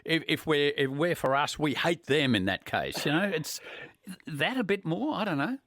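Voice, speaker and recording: A middle-aged Australian man hosting talkback radio, opinionated and animated, often stammering over his restarts. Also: a little high, normal speed, no echo. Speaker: radio host. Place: radio studio. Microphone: studio microphone.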